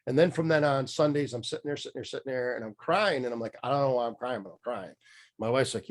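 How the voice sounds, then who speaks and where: A man's voice: mid-range voice, fast talker. A middle-aged man telling his story as a podcast guest, candid and rambling, with many fillers and restarts. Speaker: podcast guest, mindset coach. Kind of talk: casual storytelling interview.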